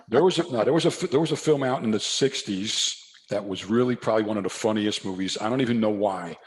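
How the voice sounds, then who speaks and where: Low-leaning and fast, the voice belongs to an older New Jersey man guesting on a podcast. In this casual storytelling interview he tells an animated tale, acting out the dialogue from both sides.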